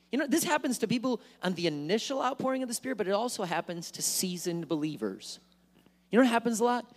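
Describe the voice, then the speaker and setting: A man preaching a sermon in church, animated, acting out worried voices and joking asides. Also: high-pitched. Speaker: pastor. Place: church sanctuary.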